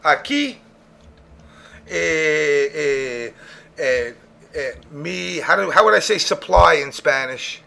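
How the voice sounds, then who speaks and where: A young man with a high, gravelly voice hosts a casual podcast chat. He jokes and laughs as he coaches a guest, and his tone stays bright and sharp throughout. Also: animated, slow pace, long pauses. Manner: playful, laughing, coaching others. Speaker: podcast host.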